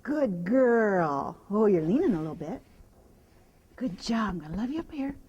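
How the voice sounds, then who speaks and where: A woman horse trainer explaining groundwork while working a horse, softly praising the animal between instructions. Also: medium pitch, very animated, moderate pace, slightly rough, lo-fi sound.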